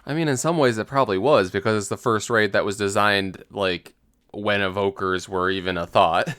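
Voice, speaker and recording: A man's voice: lowish voice, normal speed, fairly bright tone, smooth, no echo, clean studio sound. A man co-hosting a podcast, rambling through casual gaming chat with lots of "like" as filler. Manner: rambling, heavy use of "like". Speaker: podcast co-host.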